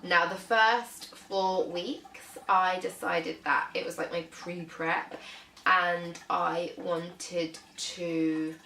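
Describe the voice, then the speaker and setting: A woman's voice: lowish voice, steady tone, extremely slow, vocal fry, sharp tone, reverberant, distant mic, slight background noise, poor audio. A young British woman vlogging casually about her fitness, chatty, with lots of "um" and "like". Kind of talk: casual vlog talk.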